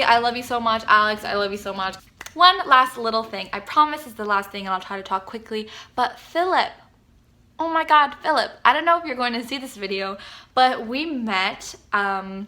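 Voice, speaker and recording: Gushing young woman, bright voice. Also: mid-range voice. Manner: gushing, rambling storytelling with lots of "like". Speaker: vlogger. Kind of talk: excited fan vlog to camera.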